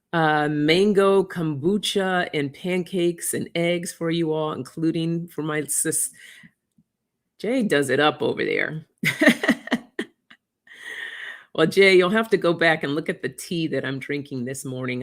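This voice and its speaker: An oracle card reader hosting a casual livestream, chatting warmly with viewers, reading out their comments and getting emotional. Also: medium pitch. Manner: effusive, reads viewer comments aloud, gets emotional.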